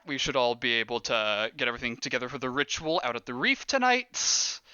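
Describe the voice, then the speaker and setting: A man voicing a scheming male cultist who calmly talks through plans for a ritual, as a game master puts him on. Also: mid-range voice, smooth, no room sound, dull audio.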